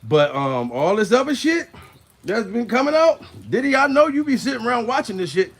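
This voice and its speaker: A man's voice: very high voice, very animated, brisk, slightly rough. A man doing casual comedic commentary, crude and rambling, laughing between lines and out of breath.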